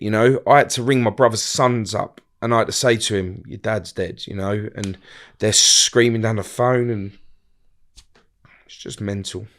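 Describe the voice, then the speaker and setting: A middle-aged man tells a hard personal story in a blunt, halting way. He restarts his sentences often and acts out what others said. His voice sits at a middling pitch. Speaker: guest.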